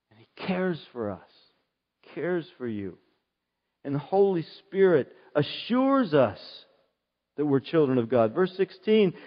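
A middle-aged man preaching a sermon as a pastor, telling a personal story earnestly and moving between emphatic outbursts and soft, prayerful tones. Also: high-pitched. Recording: dull sound with long hall reverb.

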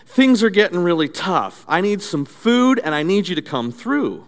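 A man voicing a poor, devout old woman who shouts her praise from her porch. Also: sits high, very animated, normal speed, voice pushed up. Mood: joyful shouting. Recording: echoey hall reverb.

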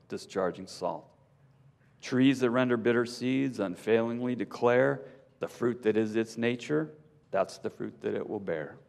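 A pastor reads a rhyming story in a measured, unhurried voice, then turns to casual preaching. His slow delivery rings with long reverb from a large hall. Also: lowish voice, creaky. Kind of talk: sermon with rhyming story reading.

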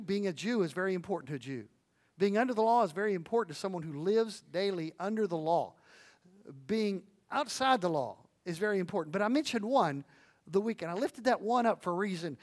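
A man preaching a sermon, earnest and animated, swinging between hushed and loud, with folksy storytelling and asides to the audience. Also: sits high. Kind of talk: sermon on evangelism.

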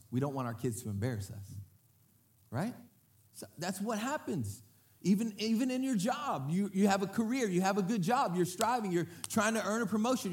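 A man preaching a sermon to his congregation. He speaks in a lively way, asks the crowd to repeat words back to him, and often acts out what other people say. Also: sits high. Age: adult parent. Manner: lively, often breaks into acted quotes. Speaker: pastor.

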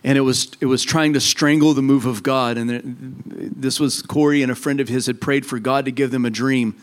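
A man's voice: mid-range voice, fairly even intonation, moderate pace. A man preaching a sermon as a pastor, earnest and fervent.

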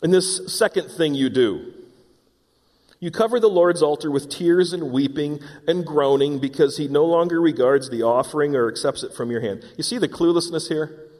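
Guy preaching a sermon, kinda high voice, earnest and dramatic, big echoey hall. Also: normal speed, darkish tone. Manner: earnest, dramatic, acts out voices of scripture and sighs. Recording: long hall reverb.

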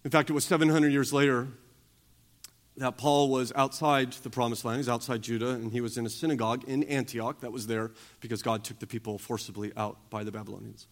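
A man preaching a sermon, swinging between loud emphatic stretches and quiet, intense ones. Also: mid-range voice, level tone, a little fast. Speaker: pastor.

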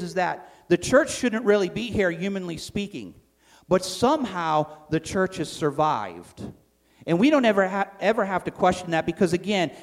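Pastor, male, slightly high voice; conversational sermon delivery with animated quoted lines. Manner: conversational preaching, acts out quotes with shifting volume.

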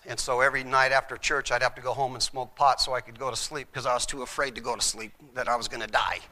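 A man's voice: mid-range voice, bright, forceful tone. A middle-aged man, a former chaplain, telling his faith testimony in an earnest storytelling way and acting out the voices in his story.

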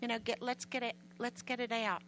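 A woman preacher telling a story to her congregation in an animated, emphatic way, often getting loud. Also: on the high side, brisk, a little hiss or hum, low-quality recording. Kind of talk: sermon storytelling.

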